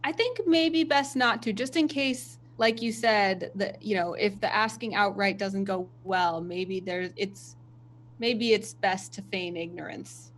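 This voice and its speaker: A woman voicing a vain, imperious female ship captain who speaks in measured, self-important phrases. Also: mid-range voice, steady tone, fairly bright tone, a little hiss or hum, close to an everyday voice. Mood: haughty.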